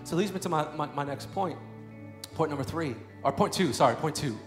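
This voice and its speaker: A high-voiced man in his thirties delivers a sermon, dropping to quiet storytelling and then rising into loud, fervent prayer. His voice rings in a roomy, echoing space, with faint music underneath. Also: brisk. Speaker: preacher. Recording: echoey room with faint music.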